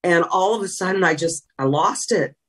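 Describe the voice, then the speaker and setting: Husky woman recalling, a little off-mic. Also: fairly low pitch, normal speed, fairly bright tone, far from the mic. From California. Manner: reflective, emotional storytelling. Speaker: guest, retired sideline reporter. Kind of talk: conversational interview.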